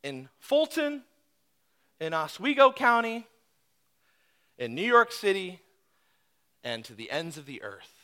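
A preacher with a high, bright, forceful voice. He drives his points home loudly, then drops into hushed asides, telling the story to his congregation. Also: slow, pauses often, clear, resonant tone. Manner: animated preaching, swinging between loud emphasis and hushed asides. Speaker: pastor. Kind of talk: sermon.

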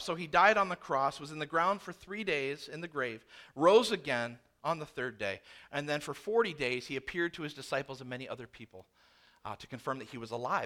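A male pastor in his thirties delivers a sermon in a lively storytelling manner, slipping into the voices of the people in his anecdotes. His voice sits high and sounds bright. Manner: animated storytelling, acting out dialogue. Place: church.

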